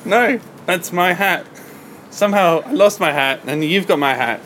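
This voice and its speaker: A man's voice: sits high, animated, moderate pace, fairly bright tone, a little hiss or hum. A man voicing a polite, patient bear who stammers while hunting for his lost hat. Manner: mild, stammering, persistent.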